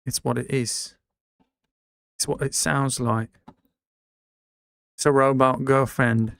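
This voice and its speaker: Slow, gravelly male streamer. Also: medium pitch, flat delivery, a bit bright, dry recording, clean studio sound. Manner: rambling, filler-heavy. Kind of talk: casual live-stream chat.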